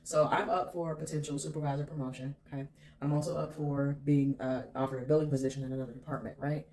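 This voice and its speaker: A woman's voice: deep voice, level tone, quick pace, warm tone. A woman vlogger telling a personal story in an emphatic, candid way, swearing freely.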